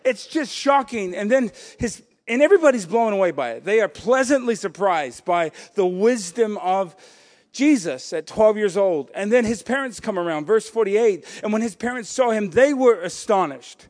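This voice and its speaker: Animated male pastor, fairly high voice. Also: normal speed. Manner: animated and joking, often breaks into laughter and acts out quotes. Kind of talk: sermon.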